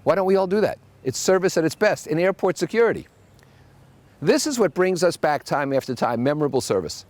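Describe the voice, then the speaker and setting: A man hosting a solo podcast, telling wry anecdotes with animated asides. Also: on the high side, fairly quick, no room sound. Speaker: podcast host.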